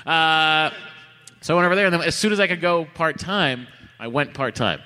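A chatty comedian fields audience questions on stage with loose, joking banter. His voice is bright and forward. The sound rings with the long reverb of a live venue. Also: fairly high pitch, normal speed, smooth, faint music behind. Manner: jokey, rambling, chatty. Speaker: podcast host answering audience questions.

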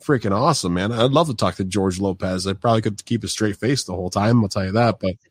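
Male podcast host, low-ish, dry sound, loose rambling delivery. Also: fast, dry recording. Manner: loose, rambling, many fillers and restarts. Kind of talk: casual interview chat.

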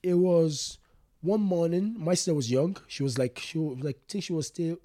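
A young man talking in a casual interview, rambling and restarting with lots of fillers. His voice sits a little high, and the recording is close and dry. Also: moderate pace, warm tone, dry recording. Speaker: guest.

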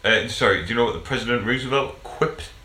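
A man's voice: mid-range voice, fast talker, pushed and bright, roomy sound. A man chatting casually as a podcast co-host, jokey and rambling, tripping over his words. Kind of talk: casual banter.

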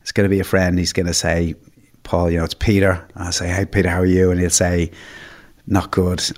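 A man's voice: low voice, little pitch movement, a little fast, a little mellow. A man, a podcast guest, telling comic anecdotes in a self-deprecating way, often stumbling and restarting his sentences. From Ireland. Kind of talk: anecdotal storytelling.

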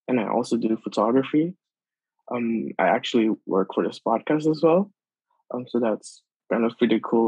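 A man's voice: mid-range voice, slightly rough, no room sound, dull audio. Young man from Bonaire, reflective. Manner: relaxed, reflective, many fillers and likes. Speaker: podcast guest. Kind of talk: casual conversation.

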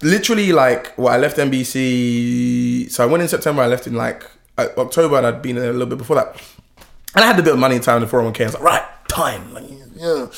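A young man telling his founder story in a casual interview, animated and laughing often. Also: fast, gravelly. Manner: animated, laughs often, lively pitch swings.

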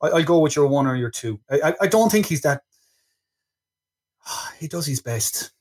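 A man's voice: on the high side, animated, moderate pace, darkish tone. A man hosting a casual film review chat, good-humoured and rambling. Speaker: podcast host.

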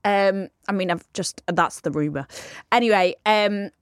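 A woman's voice: mid-range voice, a little slow, no echo, clean studio sound. A young woman co-hosting a podcast, chatting casually, reading listener messages and swearing freely. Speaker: podcast co-host.

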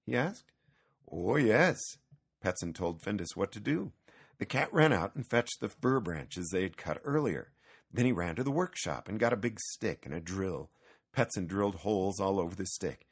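Deep, husky male storyteller. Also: normal speed. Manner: expressive, storytelling. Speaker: narrator. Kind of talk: storybook narration.

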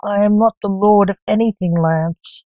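A woman's voice: medium pitch, steady tone, normal speed, warm tone, no echo, lightly acted. A woman reading the part of a grumpy, overworked male Grim Reaper king who grumbles and snaps. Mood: grumbling. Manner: grumbling, snappish.

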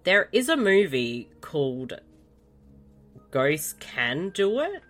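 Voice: medium pitch, huge pitch swings, slow pace, fairly bright tone, faint music behind. A podcast co-host making bemused, confused asides while watching a movie. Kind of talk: casual movie commentary chat.

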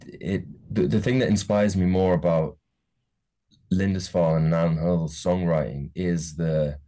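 A deep-voiced man with a soft Geordie accent, chatting as an interview guest. His tone is dark and relaxed, and he rambles, restarting sentences as he thinks aloud. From Newcastle, England. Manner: rambling, many restarts and hedges. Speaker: musician guest. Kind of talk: casual interview chat.

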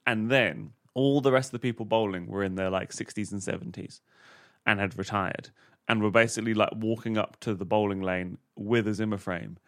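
Co-host, male, lowish voice, rambling anecdotes, dry close mic. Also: steady tone, brisk, a bit bright, dry recording. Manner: rambling storytelling with many uhs. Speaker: podcast game show host and comedian. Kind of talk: casual comedy podcast chat.

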